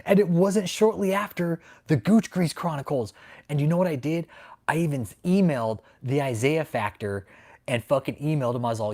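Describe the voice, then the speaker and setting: Dude ranting on a live stream, swears a lot, laughs at everything, kinda high voice. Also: male voice, brisk, a little mellow. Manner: mocking, profane, laughs constantly, rambling. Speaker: livestream host. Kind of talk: casual profane livestream rant.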